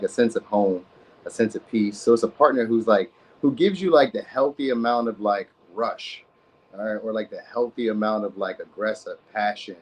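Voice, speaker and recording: A man's voice: on the low side, a little hiss or hum, rough recording. A man hosting a live tarot reading, chatting loosely with viewers in slang and saying "you know what I mean" a lot. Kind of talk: casual live-stream chat.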